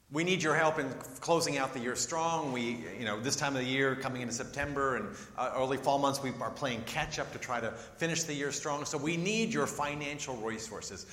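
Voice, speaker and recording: A male pastor speaking conversationally to his congregation about giving, his voice at an everyday pitch for a man. The sound is roomy, with a long reverb from the sanctuary. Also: a bit bright. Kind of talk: sermon and offering appeal. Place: church sanctuary.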